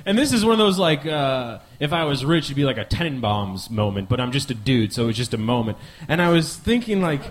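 A man's voice: mid-range voice, very animated, brisk, few pauses. A man in his twenties from the Midwest, hosting a live comedy podcast with a rambling, profane, self-mocking monologue. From American Midwest. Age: 20s.

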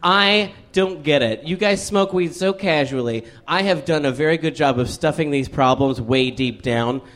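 A man's voice: a little high, moderate pace, a bit bright. A man who is a comedian guest on a casual podcast, rambling through jokey stories and laughing mid-sentence.

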